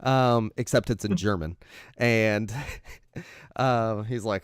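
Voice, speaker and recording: A man's voice: medium pitch, takes it slowly, no room sound, studio quality. Man rambling through a film plot. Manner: meandering, thinking aloud while retelling a plot. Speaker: podcast co-host. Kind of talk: casual chat about films.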